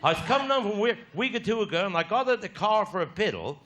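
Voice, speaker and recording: Talking quickly in a lively high voice, this Cornish comedian spins bawdy countryside stories before a live theatre audience and slaps down hecklers. Loud laughter and crowd noise fill the live-show recording.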